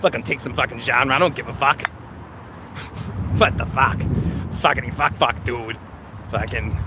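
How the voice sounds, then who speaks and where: A man's voice: medium pitch, moderate pace, close to an everyday voice. A man putting on a brash, foul-mouthed guy with a Boston accent, ranting with swagger. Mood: cocky rant. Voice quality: swaggering, constant swearing, shouty. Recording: outdoor traffic noise.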